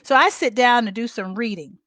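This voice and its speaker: A woman's voice: a little high, fairly quick, a bit bright, no room sound. Candid middle-aged woman, dry close sound. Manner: candid, conversational, addresses viewers as y'all. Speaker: family caregiver. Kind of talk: personal storytelling vlog.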